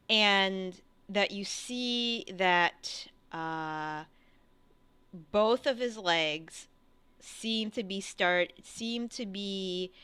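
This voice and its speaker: A woman narrating a tabletop game as game master, slow and hesitant with many fillers. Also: on the low side, fairly bright tone, smooth, dry recording.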